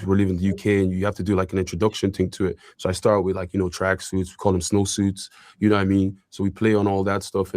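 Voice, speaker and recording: A man's voice: sits low, a little mellow, no echo, clean studio sound. A young man from Ireland, talking as an interview guest in a casual, rambling way full of fillers. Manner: rambling, filler-heavy, with frequent likes and you-knows. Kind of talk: casual conversation.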